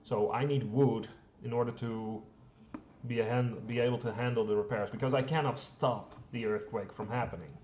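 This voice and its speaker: A man's voice: medium pitch, steady tone, moderate pace, a little mellow, highs cut off. Casual gamer man in a roomy echo. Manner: rambling, self-deprecating, frequent fillers and mild swearing. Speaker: let's play host. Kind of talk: casual gameplay commentary. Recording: roomy echo, faint background hum.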